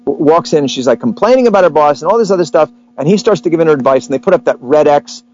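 A man hosting a casual conversation about relationships, telling stories with lively voices for the people he quotes. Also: a little high, fast talker, dull audio, soft background music. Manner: animated storyteller, acts out quotes.

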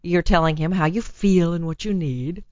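A woman's voice: lowish voice, normal speed, a little mellow, no room sound, dull audio. A woman hosting a relationship advice show, talking frankly and laughing easily as she reads a listener's letter.

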